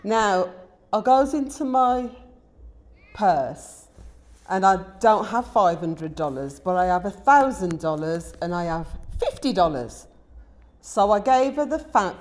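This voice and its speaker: Slow-talking English woman vlogger. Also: lowish voice, a little hiss or hum. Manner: animated, indignant retelling with quoted dialogue. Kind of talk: casual storytelling vlog.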